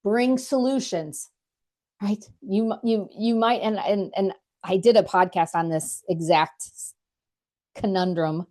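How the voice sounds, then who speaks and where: A woman's voice: mid-range voice, steady tone, slow, dark tone. A woman hosting a leadership podcast, giving earnest, direct career advice in a casual coaching monologue and often repeating words as she thinks.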